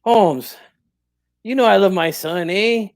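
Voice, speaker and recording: Speaking slowly in a high-pitched voice, a man does a comic impression of a proud older boxing father who's been drinking and is tipsy. The character sounds wounded and tipsy, tacks "eh?" onto nearly every phrase, and drops in Spanish slang.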